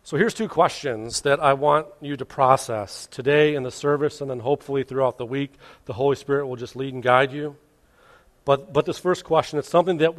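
A male pastor preaching a sermon at a church service, earnestly asking the congregation question after question, swinging from loud to hushed. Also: medium pitch.

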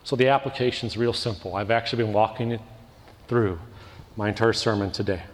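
A man preaching a sermon as pastor, telling a personal story with animated quoted voices and building into emphatic repeated lines. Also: fairly low pitch, fairly quick, in a large hall.

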